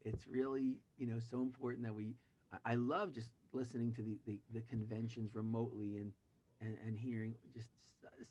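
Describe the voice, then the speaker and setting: A man of middle pitch telling a joke with lively energy, slipping into different voices for the people in his story. He comes through a video call, speaking as an invited guest storyteller. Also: dull audio. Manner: animated, shifts voices for quoted characters.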